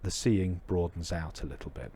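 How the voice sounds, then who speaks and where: Low husky man giving a dharma talk. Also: moderate pace, warm tone. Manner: reflective, hesitant with many fillers. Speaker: Buddhist teacher.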